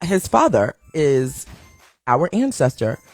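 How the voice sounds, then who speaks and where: Raspy-voiced woman hosting a chatty live show. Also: deep voice, big pitch swings, slow. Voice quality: raspy morning voice. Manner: chatty, reads out and answers viewer comments; playful sing-song shout-outs to viewers joining. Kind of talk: casual live-stream chat.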